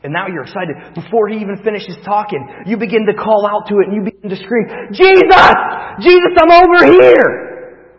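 A man preaching a sermon, telling a vivid story that swings from hushed to loud. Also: sits high, steady tone, quick pace, few pauses. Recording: long reverb, dull lo-fi sound.

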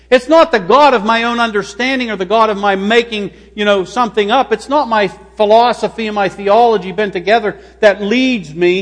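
A man preaching a sermon as pastor, slow and emphatic, stressing single words. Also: sits high, big-room sound. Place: church sanctuary.

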